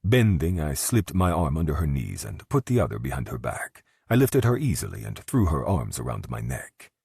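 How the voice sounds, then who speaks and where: A man narrating a romance audiobook in the first person, gruff and commanding. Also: extremely low pitch, sing-song, normal speed, a little mellow, no room sound, clean studio sound.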